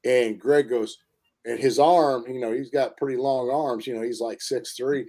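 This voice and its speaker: A man telling a story in a casual interview, halting often with fillers and restarts. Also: mid-range voice, steady tone, dark tone. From Indiana. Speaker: interview guest.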